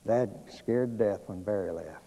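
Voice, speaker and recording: A man's voice: fairly low pitch, creaky, dark tone, husky. Folksy preacher man in reverb. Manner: folksy, conversational with many pauses and fillers. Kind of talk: storytelling sermon. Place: church sanctuary.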